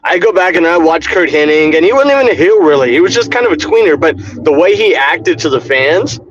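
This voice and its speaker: A man's voice: fairly high pitch, lively intonation, fairly quick, dull audio, slight background noise. A man, a pro wrestler as guest, telling casual anecdotes, laughing often and acting out what people said. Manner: laughing, acts out quotes in anecdotes. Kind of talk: casual interview storytelling. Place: wrestling school gym.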